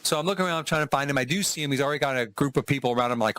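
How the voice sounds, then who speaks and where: A man's voice: on the high side, animated, racing, fairly bright tone, dry recording. A middle-aged man talking casually to the camera as a travel vlogger, chatty and enthusiastic, laughing often as he reviews a trip.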